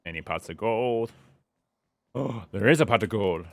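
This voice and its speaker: A man's voice: lowish voice, expressive, normal speed, vocal fry, no echo. A young man giving playful live commentary as he plays a game, humming along and taunting enemies. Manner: playful, taunts enemies and hums while playing. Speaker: streamer.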